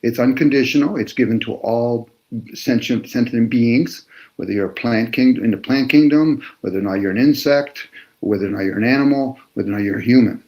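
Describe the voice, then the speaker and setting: Guy lecturing in casual chat, picks apart words, mid-pitched. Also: brisk, a little mellow, low-quality recording. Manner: lecturing, wordplay on meanings.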